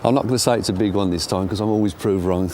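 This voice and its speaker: Chatty middle-aged angler. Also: male voice, on the low side, fairly even intonation, rapid-fire, music in the background. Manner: chatty, self-deprecating commentary. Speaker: angler presenter. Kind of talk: casual chat while fishing. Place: outdoors by a lake.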